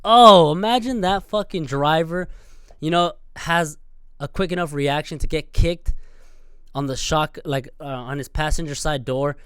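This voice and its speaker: A young man hosting a podcast, ranting in an animated, profane way and acting out scenes with sudden loud outbursts. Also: fairly high pitch, unhurried, clear, resonant tone, dry recording, studio quality. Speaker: podcast host. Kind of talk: profane solo rant.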